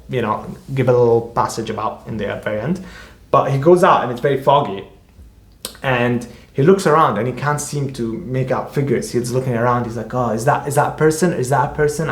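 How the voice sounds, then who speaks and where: A man, an author, describing his novel in a casual, rambling way, full of halting restarts and fillers. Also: mid-range voice. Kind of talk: casual book discussion. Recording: echoey room.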